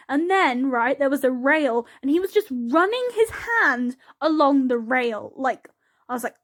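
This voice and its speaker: A woman's voice: high-pitched, expressive, measured pace, a bit bright. A woman chatting casually over gameplay as a voice-over, rambling and giggly, with lots of "like"s. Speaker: YouTuber narrating a game build.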